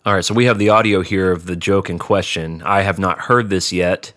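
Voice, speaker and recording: A man's voice: sits low, steady tone, fairly quick, a bit bright. A man co-hosting a podcast, chatting casually with crude, joking asides. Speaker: podcast co-host. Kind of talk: casual chat.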